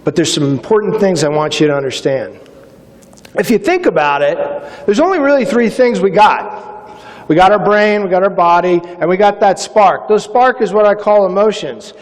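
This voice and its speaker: Middle-aged guy from massachusetts, kinda high voice, lively motivational speech on stage, long echo from a big hall. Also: moderate pace. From Massachusetts, USA. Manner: energetic storytelling with acted-out quotes. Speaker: keynote speaker. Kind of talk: motivational speech with personal stories.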